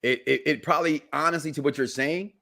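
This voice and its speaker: A man's voice: fairly high pitch, fairly even intonation, quick pace, gravelly, sharp tone. A man in his forties hosting a casual podcast chat, rambling and laughing often. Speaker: host.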